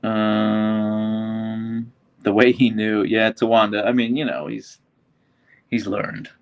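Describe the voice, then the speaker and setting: A man's voice: lowish voice, flat delivery, slow pace, vocal fry, smooth, highs cut off. A man hosting a casual live stream from his phone, reading viewer comments aloud and chatting to his dogs in an easygoing way. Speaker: livestream host.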